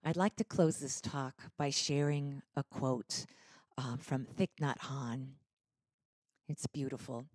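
A woman giving a church talk as guest speaker, telling a story in a gentle, reflective way that often drops soft. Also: rumbling low, slow, dry recording. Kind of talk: sermon storytelling. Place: church service.

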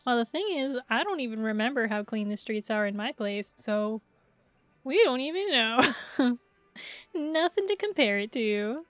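A woman streamer chatting in a casual, rambling way between bouts of gameplay, laughing often. Her voice sits high and bright, recorded close and dry with no room sound. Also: animated, normal speed, no echo, faint music behind. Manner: giggly, rambling, playful. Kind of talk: casual live-stream chat.

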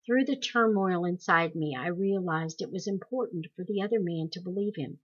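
A woman reading a memoir aloud in slow, deliberate storytelling. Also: on the low side, husky, lo-fi sound. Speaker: audiobook reader.

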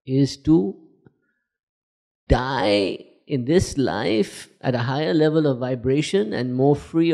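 A spiritual teacher gives a lively talk and takes questions, laughing and acting out inner voices to explain his points. His voice is a little high and creaky.

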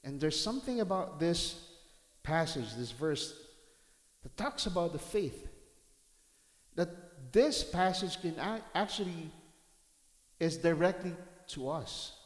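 A male pastor delivering a sermon, reading scripture aloud and breaking into dramatic shouted reenactments. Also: a little high, lively intonation, slow, long pauses. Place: church hall. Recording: roomy church hall with long reverb.

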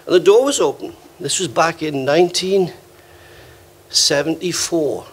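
Older Welsh-born male preacher, slightly high voice, anecdotal sermon style. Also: measured pace, breathy edge. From Wales. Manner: storytelling, warm anecdotes with acted quotes. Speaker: visiting preacher. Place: church hall.

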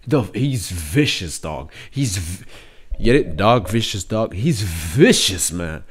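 Excitable man reacting with lots of swearing. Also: low voice, takes it slowly, breathy edge. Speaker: reaction video host. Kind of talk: casual reaction commentary.

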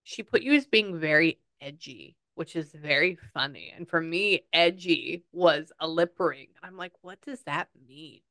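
A woman's voice: low-pitched, moderate pace, hardly any pauses, fairly bright tone, no echo. Chatty woman, dry close sound. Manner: chatty, relays quotes conversationally. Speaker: psychic medium. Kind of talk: casual reading session.

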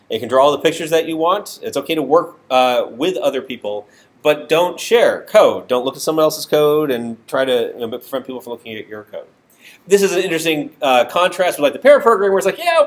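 A man with a nasal voice giving a university programming lecture in a classroom, talking informally with many fillers and self-deprecating asides. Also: mid-range voice. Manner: filler-heavy, self-deprecating, restarts often. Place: classroom with hard walls.

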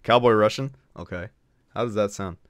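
A man's voice: on the low side, moderate pace, faint music behind. A man live-streaming a video game, chatting casually and trash-talking his chat with lots of swearing.

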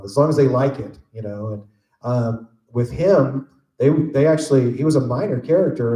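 A man answering fan questions on a convention panel, relaxed and jokey, rambling through stories. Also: mid-range voice. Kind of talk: casual storytelling Q&A. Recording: echoey convention room.

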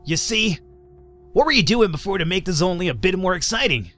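A man voicing an excitable young male surfer in a zombie game, in a strained high voice. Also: brisk, faint music behind, heavily acted. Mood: excited.

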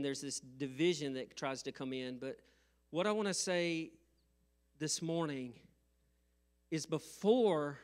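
A middle-aged male pastor preaching a sermon, telling a funny story, laughing often and rising to loud, emphatic bursts. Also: a little high. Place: church sanctuary.

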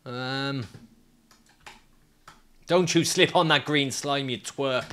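Brief: young male streamer, bright forceful voice, rants and yells at his game character. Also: medium pitch, takes it slowly. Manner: ranting, swinging between mock calm and yelling at his character. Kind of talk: gaming stream commentary.

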